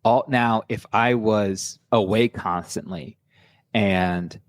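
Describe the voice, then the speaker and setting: A man's voice: lowish voice, slow, dry recording. A middle-aged man, a personal trainer guest, talking candidly in a casual podcast chat, rambling with restarts.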